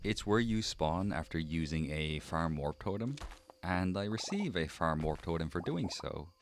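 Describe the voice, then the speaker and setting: A young man narrating his gameplay in a deadpan, mock-formal comic way. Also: sits low, moderate pace, slight background noise. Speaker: gaming channel narrator. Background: faint game background music.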